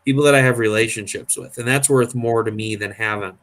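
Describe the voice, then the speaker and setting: A man hosts a casual chat, his medium-pitched voice steady, a little fast and slightly bright. He tells long, rambling convention stories packed with fillers, acting out the voices of the people he quotes.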